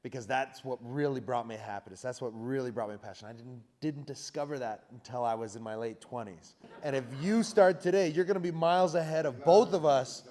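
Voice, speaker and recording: A man in his thirties, a founder on a conference panel, telling stories in an energetic, self-mocking, emphatic way. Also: medium pitch, a little fast, hardly any pauses. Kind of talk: animated panel storytelling. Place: conference hall. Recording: reverberant hall.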